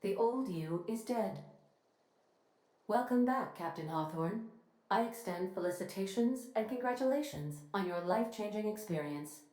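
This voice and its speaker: A woman's voice: medium pitch, lively intonation, normal speed, a little mellow, close to an everyday voice. A woman voicing a prim ship computer. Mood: courteous. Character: polite literal-minded female ship computer. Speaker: ship's AI. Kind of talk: video game voice acting. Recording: echoey game audio with faint music.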